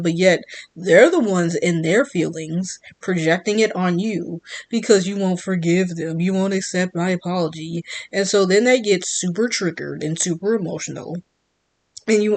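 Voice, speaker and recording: A woman giving a blunt, defiant monologue as a vlogger, repeating her points from the United States. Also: mid-range voice. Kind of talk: emphatic monologue.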